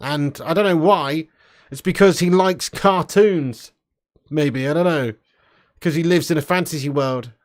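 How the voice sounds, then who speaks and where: A young man hosting a casual livestream, reading super chats, loud and sweary with lots of banter. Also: a little high, a little slow. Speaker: livestream host.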